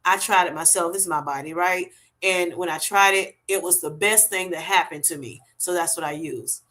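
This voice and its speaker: A middle-aged woman hosting a casual livestream, chatting warmly and thanking viewers by name. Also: on the low side, normal speed. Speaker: livestream host. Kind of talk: casual livestream chat, reading comments.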